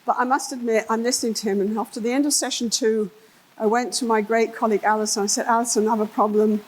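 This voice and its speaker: A woman's voice: fairly high pitch, quick pace, rough recording. An older English woman, a therapist, giving a conference talk, telling case stories and acting out the voices of the people in them. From England. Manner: animated, acts out voices in her stories. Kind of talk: conference keynote storytelling. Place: conference hall.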